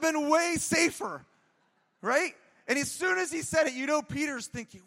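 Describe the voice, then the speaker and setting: A man's voice: very high voice, expressive, moderate pace, sharp tone, big-room sound. A man preaching a conversational sermon to his church, chatty and self-deprecating, with lots of jokes and asides. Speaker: pastor. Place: church auditorium.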